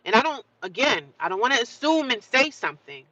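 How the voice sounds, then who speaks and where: A woman's voice: fairly high pitch, big pitch swings, brisk, sharp tone, no room sound, dull audio. A woman hosting a casual livestream, talking straight to her viewers, greeting them by name and often repeating herself as she goes. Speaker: livestream host.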